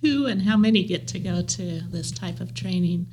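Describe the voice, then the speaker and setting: A woman's voice: lowish voice, lively intonation, normal speed, a little mellow, breathy edge, rough recording. A woman with an American Midwestern accent, answering interview questions in a reflective, earnest way. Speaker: guest, leadership trainer.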